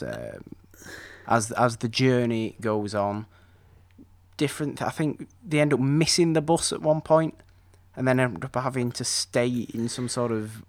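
A man in casual conversation about a classic film, enthusiastic and rambling, often restarting his sentences. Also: mid-range voice.

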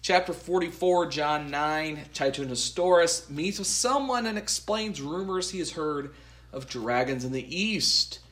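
A man co-hosting a podcast, recapping an episode from his notes in a halting way with many fillers. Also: a little high, fairly bright tone. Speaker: podcast co-host.

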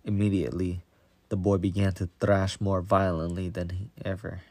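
Slow, deep, gravelly male storyteller. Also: dry recording. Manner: slow, even, deliberate reading. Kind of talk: scripted Bible story narration.

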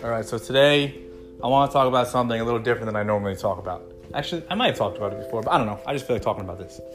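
A young man in his twenties talks loosely to camera, circling his point with fillers and restarts. His voice sits at an ordinary middle pitch. A little guitar music plays faintly underneath. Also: very fast. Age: 20s. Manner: rambling, conversational, many fillers and restarts. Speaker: vlogger. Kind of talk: casual talking-to-camera monologue.

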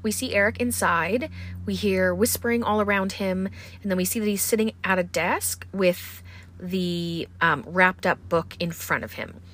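A woman's voice: mid-range voice, normal speed, a bit bright, a little hiss or hum. A woman casually recapping a horror film, chatty and full of filler words. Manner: chatty, many ums and likes.

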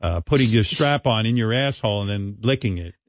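A man's voice: on the low side, animated, brisk, dry recording, clean studio sound. Blunt teasing male radio host. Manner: blunt, teasing, laughing often. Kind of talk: casual radio banter.

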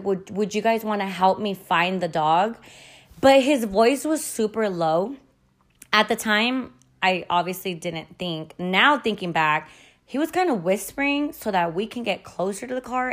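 Chatty woman telling a personal story. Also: mid-range voice. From Mexican-American family. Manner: chatty, frequent fillers and quoted dialogue, swears casually. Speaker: podcast host. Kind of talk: casual storytelling.

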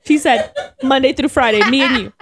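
A young woman co-hosting a podcast, telling gym stories in animated casual chat, laughing and swearing often. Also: high voice, brisk, slight background noise. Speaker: podcast co-host.

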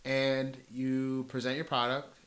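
A man's voice: mid-range voice, flat delivery, slow pace, a crowd in the background. A man chatting casually on a podcast, laid-back, swearing freely as he tells anecdotes. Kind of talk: casual chat, storytelling.

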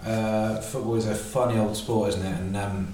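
A man's voice: on the low side, fairly even intonation, moderate pace. Man, distant and echoey. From Bristol, England. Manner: chatty and rambling, with filler and joking asides. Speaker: podcast host. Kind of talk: casual podcast interview. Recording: very echoey, distant mic, noisy room.

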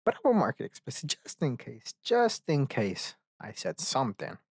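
A man's voice: medium pitch, wildly swooping pitch, normal speed, a little mellow, husky, no room sound, studio quality. Rambling, profane man hosting a solo podcast. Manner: rambling and profane, self-mocking asides. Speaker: podcast host.

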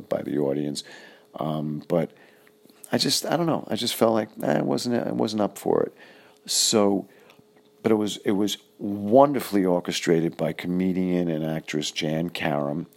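A middle-aged man recalling an old friend in a casual, halting, reflective way with many pauses. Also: a bass voice, gravelly, a little mellow. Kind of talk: casual personal recollection.

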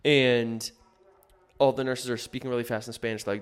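A man with a smooth, mid-range voice and fairly even intonation tells a personal story at a moderate pace. It's casual and rambling, full of fillers, restarts, and self-corrections.

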